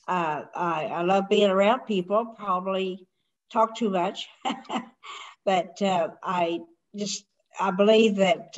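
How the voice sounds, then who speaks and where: Older woman, halting and rambling. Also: mid-range voice, muffled recording. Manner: halting and rambling, many restarts. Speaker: host. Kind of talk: casual video conversation.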